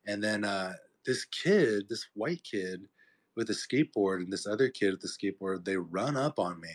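A man's voice: fairly low pitch, moderate pace. A man who fights MMA, talking as a podcast guest, telling a story casually, with lots of fillers, and acting out the people he quotes. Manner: animated, acts out quoted voices, filler-heavy.

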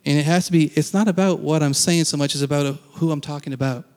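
A man's voice: on the high side, quick pace, a little mellow, long reverb tail. A man giving a casual, conversational sermon as a pastor, acting out quoted lines and laughing now and then.

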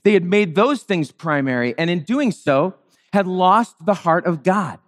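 A man delivers a sermon in a casual, wry tone, with a voice pitched high for a man. He slips into playful voices to act out the people in the story. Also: expressive, a little slow. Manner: conversational, wry, acts out the characters in playful higher voices. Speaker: pastor.

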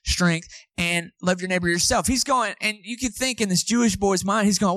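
Male pastor, chatty sermon delivery with asides to the congregation, pitched a bit high. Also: moderate pace, hardly any pauses, a bit bright, no echo, studio quality.

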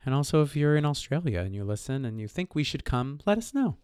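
A man's voice: medium pitch, big pitch swings, quick pace, darkish tone, clear, resonant tone, no room sound, studio quality. A man co-hosting a casual podcast, joking and laughing often. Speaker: podcast co-host. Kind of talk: casual chat about astrology.

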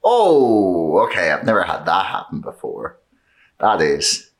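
A podcast host in casual chat, reacting with quick remarks and frequent laughter. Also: low voice, very animated, roomy sound. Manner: reactive, laughs often, short interjections.

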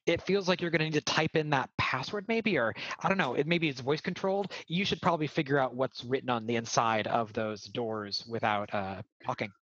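A man narrating as game master, explaining the scene with many pauses and fillers. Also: mid-range voice, fairly bright tone, no room sound, dull audio. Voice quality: hesitant, filler-heavy explaining.

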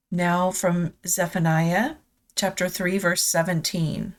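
A woman's voice: lowish voice, level tone. A woman hosting a devotional podcast, speaking in a tender, confessional way and reading scripture aloud. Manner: slow, tender and confessional, near tears.

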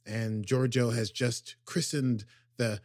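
A man co-hosting a podcast, casually recapping an episode with lots of fillers and quick acted quotes. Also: mid-range voice, fairly even intonation, a little mellow, no echo, clean studio sound. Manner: rambling, filler-heavy summarizing with acted quotes. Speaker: podcast co-host.

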